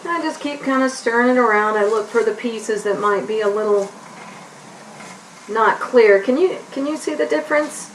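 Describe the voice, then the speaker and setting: A woman's voice: fairly high pitch, normal speed, far from the mic, noisy background. A woman hosting a kids' cooking show, chatting to herself as she cooks in a home kitchen, with onions sizzling behind her. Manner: chatty, talks to herself while stirring. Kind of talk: casual cooking demonstration for kids. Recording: roomy kitchen, mic set back. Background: onions sizzling in a pan.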